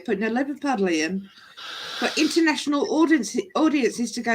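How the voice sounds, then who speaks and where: A woman's voice: a little high, lively intonation, fairly quick, a little hiss or hum. A woman chatting casually on a live stream as co-host, laughing often and mimicking regional accents.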